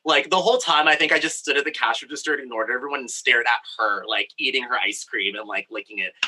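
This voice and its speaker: A man's voice: mid-range voice, quick pace, background noise. A young man from Brazil, a storyteller with a campy, candid, playful way of talking, recording in a home craft studio. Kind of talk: personal storytelling.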